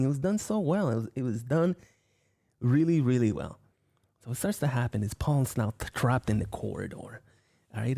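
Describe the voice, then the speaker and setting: A man reviewing a horror film in a casual, talkative way, retelling the scenes as he goes. His pitch swoops and rises with excitement, and his voice has a gravelly texture. He swears freely. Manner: animated, swearing storyteller.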